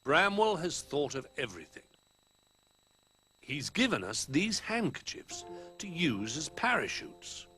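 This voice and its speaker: Eager small boy teddy bear, high and excited; male reader puts it on, with faint music under it. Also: unhurried, slightly rough, exaggerated voice. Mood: kind.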